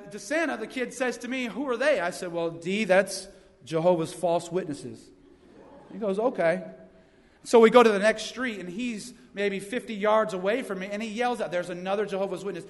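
A young man preaching in a church with a notably high voice. He swings between loud, punchy exhortations and easy storytelling, and his words ring out with a long hall reverb. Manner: energetic preaching with humorous stories. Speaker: youth pastor. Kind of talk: sermon. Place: church sanctuary.

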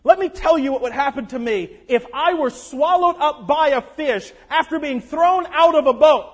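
A man preaching a sermon as a guest speaker, animated and acting out grumbling churchgoers. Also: very high voice, normal speed, few pauses. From North Carolina.

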